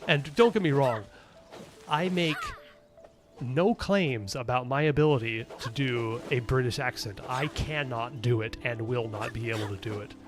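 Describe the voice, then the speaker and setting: Casual male streamer, mid-pitched, rambling gameplay chatter, quiet game music underneath. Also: normal speed. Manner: rambling, chatty, thinks aloud and answers chat. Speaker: gaming streamer. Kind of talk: casual gaming commentary.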